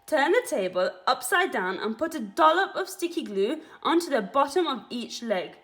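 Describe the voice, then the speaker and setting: A woman voicing an excited, bossy male monkey father who shouts urgent orders at everyone. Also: sits high, moderate pace, voice pushed up, exaggerated voice.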